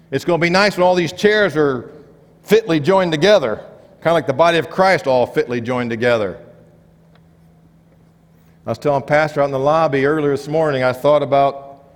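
A man preaching a sermon, rising for emphasis and dropping to quiet, low stresses. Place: church sanctuary. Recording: long church reverb.

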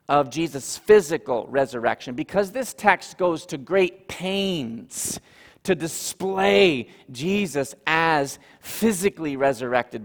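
A man's voice: medium pitch, creaky, big-room sound. A man preaching a sermon as pastor, teaching earnestly and repeating points for emphasis.

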